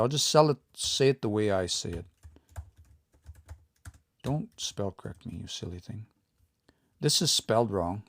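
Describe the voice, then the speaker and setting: A man giving a relaxed livestream language lesson, explaining patiently and thinking aloud as he reads out viewer comments. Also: lowish voice, gravelly, no echo, clean studio sound. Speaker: language teacher.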